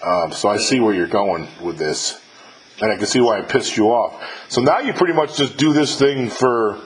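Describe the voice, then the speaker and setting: Middle-aged male host, relaxed and profane, faint noise behind. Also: lowish voice, normal speed, rough recording. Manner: loose and profane, many fillers and restarts. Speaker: podcast host interviewing a musician. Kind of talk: casual chat.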